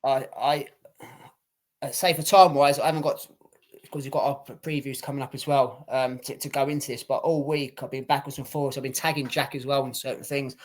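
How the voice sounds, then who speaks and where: A man's voice: medium pitch, level tone, fairly quick. A man co-hosting a casual boxing podcast, ranting and swearing with lots of repetition. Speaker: podcast co-host.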